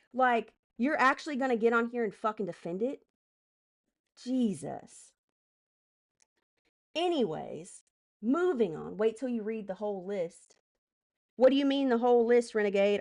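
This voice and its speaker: A woman live streamer doing political commentary, heated and profane, breaking off to greet chat and direct moderators. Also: medium pitch. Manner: heated, profane, rapid asides to chat and mods.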